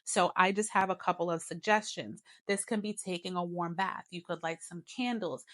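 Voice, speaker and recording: A young woman at home, talking candidly to camera as a new mother, giving advice in a casual, conversational way and calling the viewer "girl". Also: lowish voice. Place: her home, TV in front of her.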